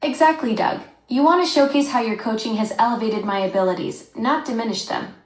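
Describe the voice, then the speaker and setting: A woman's voice as an AI companion, giving smooth, agreeable, apologetic conversational replies. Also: a little high, lively intonation, fairly quick, roomy sound, low-quality recording.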